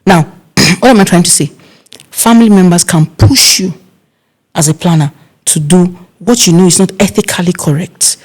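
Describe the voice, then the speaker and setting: A middle-aged Nigerian woman, an event planner being interviewed, telling stories in a casual, animated way and acting out other people's voices. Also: moderate pace, breathy edge. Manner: animated, acts out quoted voices with big pitch jumps.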